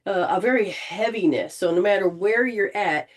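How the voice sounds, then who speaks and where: A woman leading an informal spiritual healing session, gently coaching and often restarting her sentences. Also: medium pitch, normal speed. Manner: rambling, with frequent restarts and throat clearing.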